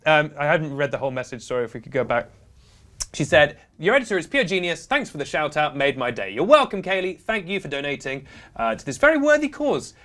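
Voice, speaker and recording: A man's voice: fairly high pitch, quick pace. A young man hosting a comedic charity live stream, playful and prone to laughing. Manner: playful, giggly, animated banter.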